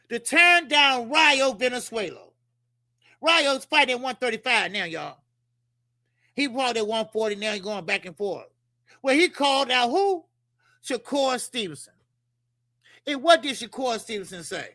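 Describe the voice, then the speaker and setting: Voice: medium pitch, sharp tone, no echo, studio quality. A boxing talk show host giving heated commentary, blunt and profane, firing rhetorical questions at viewers.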